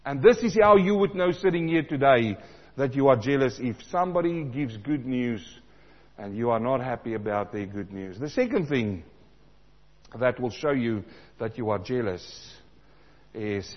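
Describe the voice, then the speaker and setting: Man, from South Africa, sermon, animated preacher, acts out quoted voices, long reverb, dull recording. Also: medium pitch, moderate pace. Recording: dull sound in a large reverberant hall.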